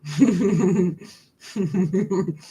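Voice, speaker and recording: A woman's voice: mid-range voice, steady tone, very slow, mellow. A woman in her forties hosting a live stream, chatting candidly and answering viewers' questions while snacking on candy. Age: 40s.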